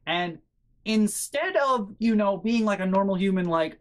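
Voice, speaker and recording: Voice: medium pitch, animated, measured pace. A vlogger tells a casual story at home in a mid-range voice. They ramble, lean on fillers, swear freely, and sound incredulous throughout. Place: bedroom at home.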